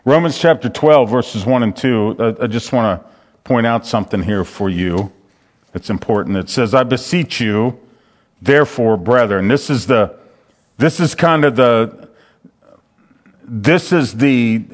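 A man preaching a sermon, reading scripture aloud and explaining it verse by verse with earnest, repeated emphasis. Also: mid-range voice. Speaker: pastor.

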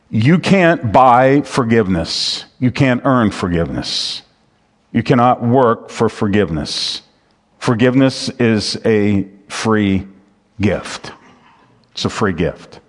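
A man preaching a sermon as pastor. He talks in a conversational way, reads scripture aloud and repeats his key phrases. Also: medium pitch. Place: church sanctuary. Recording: long hall reverb.

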